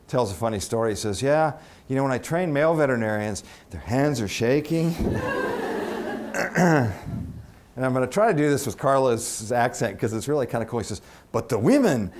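Halting, chatty man giving a lecture. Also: medium pitch, darkish tone. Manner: conversational, halting with restarts, quizzes the audience. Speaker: veterinarian lecturer. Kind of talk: conference lecture. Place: conference room.

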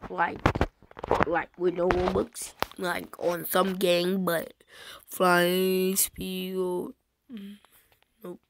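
A woman playing an online game, slightly hoarse from being sick, excitedly calling out what happens on screen. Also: on the low side, extremely slow, pauses often, poor audio. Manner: excitable, shouting out reactions to the game. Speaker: gamer.

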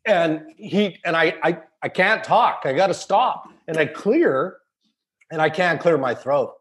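A man's voice: a little high, animated, measured pace, a bit bright. A man co-hosting a podcast, telling a self-deprecating story in a casual chat. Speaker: podcast co-host.

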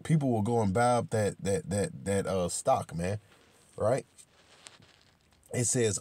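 A man giving informal, emphatic scripture commentary, talking with many repetitions and restarts, swearing freely and slowing down to read verses aloud. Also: lowish voice, lively intonation, warm tone, breathy edge. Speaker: religious commentator.

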